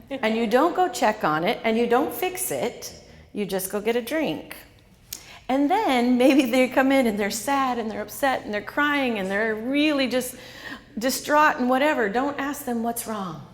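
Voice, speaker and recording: Animated woman quizzing a live audience. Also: on the high side, normal speed, big-room sound. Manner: animated, quizzes the audience and repeats their answers. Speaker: author and speaker. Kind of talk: interactive talk to a live audience.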